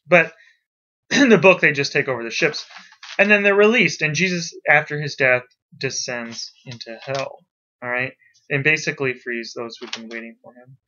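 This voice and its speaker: Bright-voiced man giving a lively lecture. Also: medium pitch, normal speed. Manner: lively, emphatic, talks to students. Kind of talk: classroom lecture. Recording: dull lo-fi recording.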